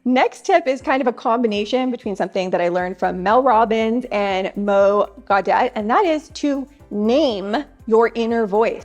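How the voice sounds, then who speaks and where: A woman's voice: mid-range voice, a little mellow. A woman in her thirties sharing wellness tips straight to camera, earnest and chatty, speaking directly to her viewers. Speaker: self-help vlogger.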